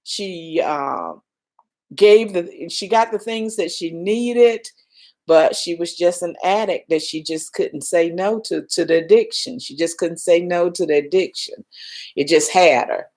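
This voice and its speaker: A shaken older woman hosts a casual live stream and speaks slowly in a lowish voice. She answers viewers' comments with reassurance while she tries to settle her nerves. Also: darkish tone. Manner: emotional, reassuring, reads viewer comments aloud. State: shaken, calming down.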